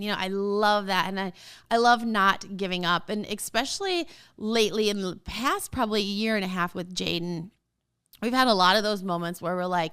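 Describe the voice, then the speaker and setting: Animated woman with a smooth voice. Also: medium pitch, normal speed. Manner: animated and emphatic, often laughing; talks straight to listeners as a parent. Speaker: podcast host. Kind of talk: casual podcast chat.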